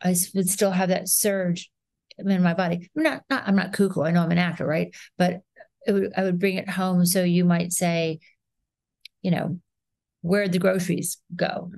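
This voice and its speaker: A woman in her sixties, an actress, talking as a guest in a podcast interview, telling stories in an animated way and acting out rhythms and sounds. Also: fairly low pitch, normal speed, vocal fry, dry recording. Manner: animated storyteller, acts out rhythms and voices.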